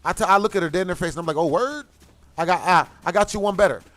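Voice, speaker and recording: A man's voice: high voice, very fast, a bit bright, no room sound. A man streaming a game and telling a profane, slangy story in casual chat, laughing and coughing often. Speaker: gaming streamer.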